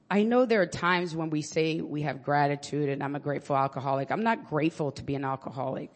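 A woman with a New York accent giving an earnest, halting personal share at a support group meeting, with many restarts and fillers. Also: deep voice. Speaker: public defender sharing at a recovery meeting.

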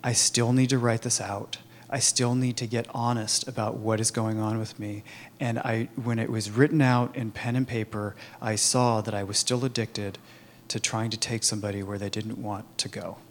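A man telling his own recovery story in a candid, halting way, with many fillers and restarts. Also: on the low side, level tone. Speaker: recovery program member sharing his story. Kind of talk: personal testimony, conversational.

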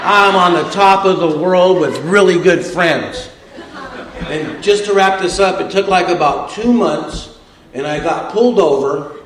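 A man's voice: high-pitched, roomy sound, noisy background. A man telling a humorous recovery story to a meeting audience, with a wisecracking, tough-guy delivery. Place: meeting room with a live audience.

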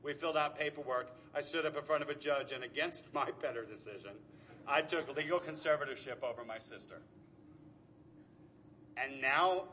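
A man's voice: medium pitch, pushed and bright, slight background noise. Earnest middle-aged man telling his story. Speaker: speaker at a recovery meeting. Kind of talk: personal recovery share.

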